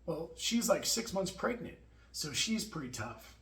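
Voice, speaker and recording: A man talking earnestly to camera in a personal video diary, halting and emotional, with many restarts. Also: on the high side, sing-song, a bit bright. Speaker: firefighter sharing his health experience. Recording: echoey room.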